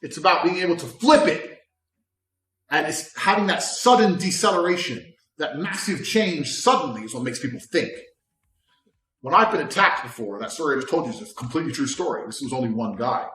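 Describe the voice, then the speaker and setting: Swaggering man, lively pitch, distant roomy mic. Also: a little fast. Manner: swaggering and blunt, swings from loud to low and calm. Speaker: motivational speaker. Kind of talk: profane motivational talk.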